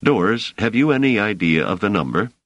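A man's voice: lowish voice, big pitch swings, a little fast, a bit bright, no room sound, muffled recording, voice pushed up, exaggerated voice. A man reading aloud who voices a scholarly stranger with a dry, ironic, exasperated manner.

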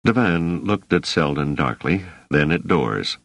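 A man narrating an audiobook in a measured, expressive storytelling manner. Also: very deep voice, gravelly, no room sound. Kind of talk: scripted narration.

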